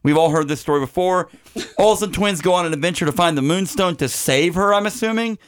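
A man's voice: sits high, fairly quick, slight background noise. A man hosting a comedy podcast about bad movies, chatting casually and rambling through credits with jokes and many fillers. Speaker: podcast host. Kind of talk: casual chat.

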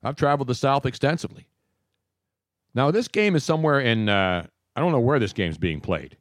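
A man's voice: medium pitch, lively intonation, brisk, no echo, clean studio sound. A man hosting a casual sports talk show, chatty and wisecracking, rambling from one topic to the next. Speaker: radio talk show host.

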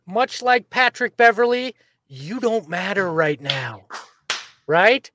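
A man's voice: high voice, lively intonation, takes it slowly, sharp tone, no echo. A man co-hosting a casual fan podcast, ranting in a fired-up, jokey way. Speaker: podcast co-host.

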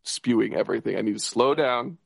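A man co-hosting a podcast in casual chat, talking in an excited, rambling way with many restarts and laughs. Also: medium pitch, normal speed, vocal fry, slightly rough, no echo. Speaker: podcast co-host.

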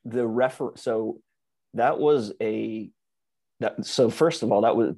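Casual podcast co-host, a man with a dark, husky voice who rambles through stories with dry close sound. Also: on the low side, no echo. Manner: rambling storyteller, many "like"s and restarts. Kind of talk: casual chat.

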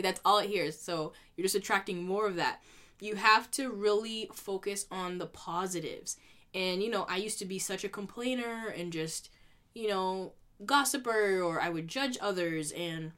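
A young woman with a mid-range, slightly bright voice talks casually and reflectively in a vlog. She comes across as earnest and rambling, dropping lots of "you know" fillers.

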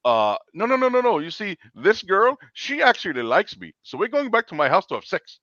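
Smug male passenger as a storyteller puts him on: Indian accent, pitched high, bright and pushy, slightly dull lo-fi sound. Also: wildly swooping pitch, a little fast, no echo, heavily acted.

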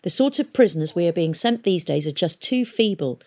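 A woman's voice: lowish voice, animated, a little fast, a little mellow. A woman voicing a pompous, curt middle-aged male prison warder.

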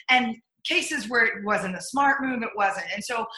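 A middle-aged woman, a leadership coach and speaker appearing as a guest, talks in a slightly high, bright, forceful voice at a measured pace. In a casual interview recorded in an echoey room, she tells career stories and acts out her own inner voice.

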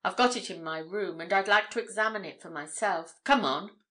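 A woman reading the part of a genial male police detective who talks in a brisk, jovial, commanding way. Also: mid-range voice, pushed and bright, lightly acted.

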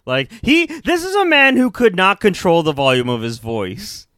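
A man co-hosting a podcast, rambling, excitable and profane in casual chat. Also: sits high, normal speed, no echo, clean studio sound. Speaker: podcast co-host.

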